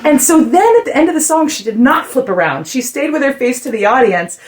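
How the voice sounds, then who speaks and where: Middle-aged american lady on a podcast, chatty and animated, lots of "like", voice climbs when she gets into it. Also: high-pitched, a little fast, over a noisy crowd. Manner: animated storyteller, many "like" fillers, rising excitement. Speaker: guest musician telling a story. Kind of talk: casual podcast chat.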